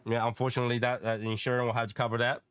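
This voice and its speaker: Man host, calm, measured, reassuring, dry close recording. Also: mid-range voice, clean tone, no room sound. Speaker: panel host. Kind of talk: casual chat.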